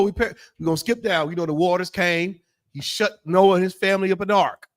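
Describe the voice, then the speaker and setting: A man's voice: high-pitched, expressive, brisk. A man teaching a Bible law class in a blunt, profane preaching style full of rhetorical questions. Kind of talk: fiery preaching lesson.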